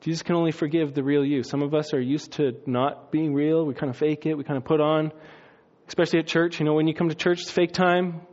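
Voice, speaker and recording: A man preaching a lively sermon, swinging between loud excitement and hushed, quiet passages. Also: fairly high pitch, fairly quick. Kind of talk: lively sermon with acted-out quotes. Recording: dull lo-fi sound.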